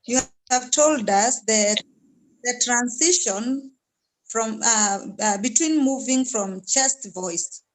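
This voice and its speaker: A woman's voice: fairly high pitch, takes it slowly, low-quality recording. A woman student asking a careful, hesitant question in an online singing class. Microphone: video call.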